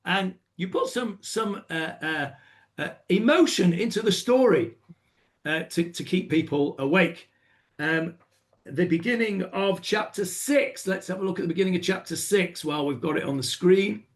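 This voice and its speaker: Man, slightly high voice, informal teacher, chatty with fillers, demonstrates chanting. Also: expressive, normal speed. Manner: chatty with many fillers, breaks into chanting and acted exclamations. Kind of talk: informal lesson on chanting a scripture reading.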